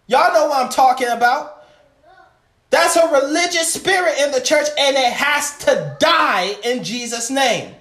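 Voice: mid-range voice, expressive, normal speed, a bit bright, echoey room. A preacher delivering an impassioned sermon, calling out to the congregation.

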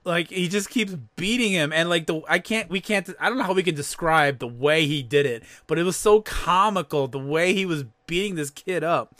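A man's voice: a little high, moderate pace, few pauses, dry recording. A man hosting a podcast in casual chat, swearing freely as he recounts a horror movie. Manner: animated, laughing, swears freely. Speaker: podcast host.

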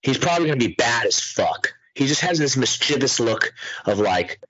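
A man hosting a casual podcast, chatting loosely and swearing a lot as he tells animated stories. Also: medium pitch, moderate pace, slightly rough, dull audio. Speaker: podcast host. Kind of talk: casual profane chat.

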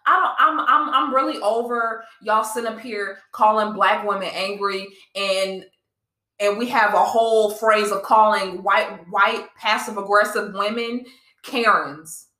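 A woman's voice: medium pitch, steady tone, a little slow, pushed and bright. A young woman co-hosting a casual podcast chat, talking with passion and emphasis, often repeating herself. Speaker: podcast co-host. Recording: echoey room.

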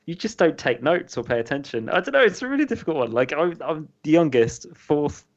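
Gravelly man on a dull lo-fi mic. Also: a little high, big pitch swings, brisk. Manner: self-mocking, telling dad jokes. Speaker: podcast co-host. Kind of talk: casual podcast chat.

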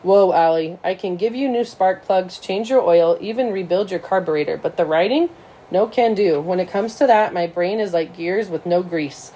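A woman's voice: lowish voice, normal speed, dark tone, lightly acted, poor audio. A woman voicing an easygoing teenage brother who teases his little sister. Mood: teasing. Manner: easygoing, teasing. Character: teenage brother, joking mechanic type.

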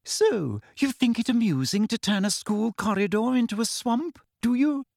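A spiteful headmistress speaks high and mocking, lifting into a shriek, as a man reads her in a storybook. The voice jumps far above the reader's own pitch. The sound is dry and close. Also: expressive, moderate pace, gravelly, darkish tone, no echo, full character voice. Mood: triumphant. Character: triumphant spiteful middle-aged headmistress.

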